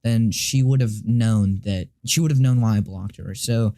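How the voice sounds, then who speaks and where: A teenage boy telling a personal story to camera, rambling and halting, with many restarts, fillers and casual swearing. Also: lowish voice, mellow. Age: teens. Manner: confused and frustrated, swears casually. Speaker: vlogger.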